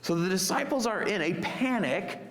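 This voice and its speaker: A man preaching a sermon as pastor, expressive and acting out the disciples' panicked cries. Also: sits high, moderate pace, long reverb tail.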